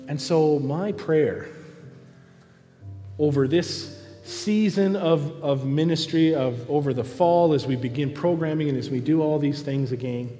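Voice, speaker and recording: A man preaches a sermon from the pulpit at an unhurried pace. His voice is mellow and dark. It rings with long reverb in a large hall, with faint instrumental music underneath. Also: fairly high pitch. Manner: acts out pleading prayers in a raised voice, then answers softly. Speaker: pastor. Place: church sanctuary.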